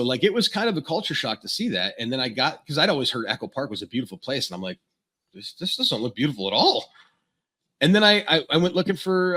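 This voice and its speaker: A man from Florida, a podcast guest, tells a long personal story in an offhand, candid way. His voice is bright and a little tense, and he trips over himself and starts sentences again as he goes. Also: medium pitch. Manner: rambling, frank, restarts mid-sentence. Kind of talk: casual storytelling.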